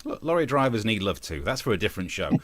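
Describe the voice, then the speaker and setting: A man's voice: on the low side, very animated, fast, a bit bright, no room sound. A man co-hosting a casual comedy news chat, joking, laughing and reading out viewer messages. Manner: jokey, laughs often, reads viewer messages. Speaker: co-host of comedy news show.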